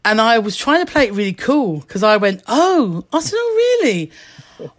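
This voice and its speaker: A middle-aged woman telling a lively anecdote as a guest, laughing often and acting out the voices she quotes. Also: mid-range voice, fairly quick. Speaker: actress, guest. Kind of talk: anecdotal chat, storytelling.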